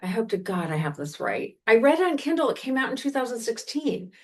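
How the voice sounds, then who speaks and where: Speaking a little fast, this Washington, D.C. woman has a slightly high, darkish voice with big swings in pitch. As a podcast co-host, she chats loosely about books she recommends, often correcting herself as she rambles.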